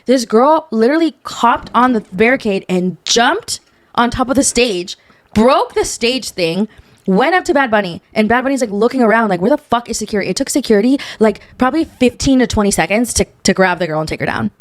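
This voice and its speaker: A woman's voice: on the high side, expressive, fairly quick, no room sound. A young woman co-hosting a podcast, chatting casually and animatedly, swearing freely as she dishes gossip. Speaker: podcast co-host. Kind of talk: casual chat.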